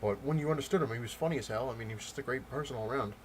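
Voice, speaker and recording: A man vlogging about comics, telling a story in a loose, rambling way with many pauses and restarts. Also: medium pitch, slight background noise. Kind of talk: casual storytelling rant.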